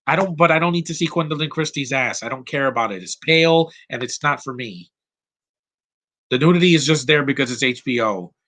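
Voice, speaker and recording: A man's voice: mid-range voice, a little fast, fairly bright tone. A man giving casual live commentary over a movie, blunt and rambling, going off on tangents.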